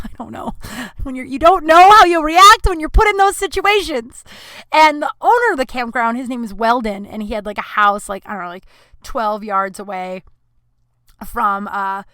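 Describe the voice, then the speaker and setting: A woman's voice: medium pitch, pushed and bright, no room sound. A woman hosting her podcast, telling a rambling, profane, self-deprecating story in a casual monologue. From Colorado. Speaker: podcast host.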